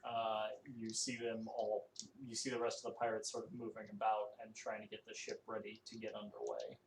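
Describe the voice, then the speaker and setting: A man narrating a tabletop game as game master, halting and full of fillers. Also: lowish voice, completely flat delivery, gravelly. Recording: echoey room, faint noise.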